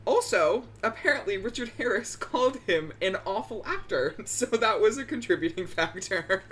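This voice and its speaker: A woman's voice: mid-range voice, lively intonation, normal speed, a bit bright, slight background noise. A young adult woman in casual chat, asking trivia questions, giggly and self-deprecating.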